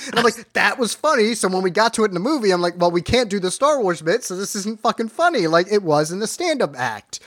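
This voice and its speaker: A man's voice: high voice, expressive, quick pace, hardly any pauses, fairly bright tone, no room sound, studio quality. A man co-hosting a podcast, rambling and swearing casually as he reviews a movie. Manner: rambling, profane, quotes lines in put-on voices. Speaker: podcast co-host.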